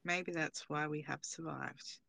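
A woman's voice: deep voice, steady tone, measured pace, gravelly, fairly bright tone, dry recording. An Australian woman in her forties hosting a podcast, chatting casually and laughing between phrases. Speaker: podcast host. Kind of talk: casual chat.

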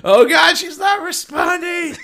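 A man imitating a frantic, panicking woman in a shrill, shrieking voice. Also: measured pace, a bit bright, exaggerated voice. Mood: panicked.

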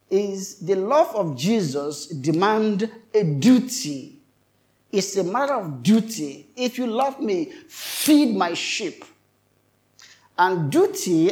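A man's voice: high voice, a little mellow. A male pastor preaching a sermon, emphatic and repetitive, often turning to question his congregation.

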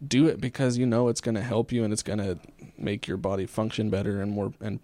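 A man's voice: fairly low pitch, level tone, fast talker, dark tone, dry recording. A man hosting a podcast, talking thoughtfully with lots of hesitations in casual chat. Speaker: podcast host.

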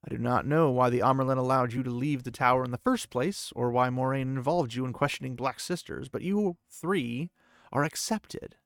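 A man voicing a stern male warrior who keeps losing his cool and raising his voice in loud exasperated bursts. The voice is gravelly and sits close and dry. It is his own voice, read straight from a storybook. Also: mid-range voice, normal speed, dry recording, lightly acted. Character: stern male warrior guardian, usually controlled.

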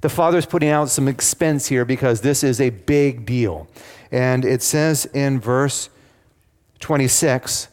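Preaching at a measured pace, this man has a medium-pitched, slightly mellow voice and engages his listeners through questions and forceful retellings. The hall gives it a long reverb.

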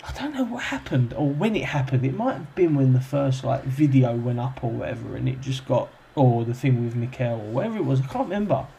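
A man's voice: medium pitch, animated, fairly quick, creaky, few pauses, dark tone, a little hiss or hum. A young man, a podcast guest chatting casually and rambling with lots of fillers and restarts. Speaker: football club kit man, podcast guest. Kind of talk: casual chat, storytelling.

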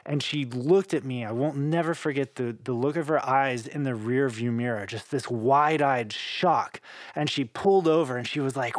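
Brief: male interview guest, lively storyteller, dry close recording. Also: mid-range voice, normal speed, no room sound. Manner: animated, laughing storyteller.

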